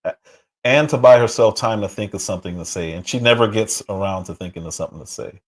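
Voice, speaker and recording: A man's voice: on the low side, fast. A man hosting a livestream, reacting to clips and reading chat in casual political commentary. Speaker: livestream host.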